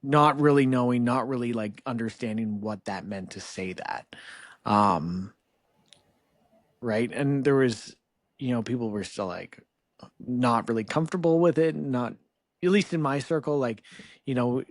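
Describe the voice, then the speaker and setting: A man's voice: medium pitch, unhurried, no echo. Canadian guy in his 30s on a podcast, rambly and loose, dry close sound. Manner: relaxed, rambling, lots of "like" and "you know". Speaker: podcast guest. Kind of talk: casual interview chat.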